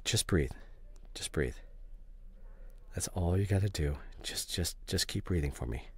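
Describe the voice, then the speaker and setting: A young man in a whispered role-play, talking softly and tenderly to the listener as a boyfriend, close to the microphone. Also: low voice, expressive, a little slow, slightly rough. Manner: soft, tender and intimate, speaking to a listener as a boyfriend. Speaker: ASMR role-play voice actor.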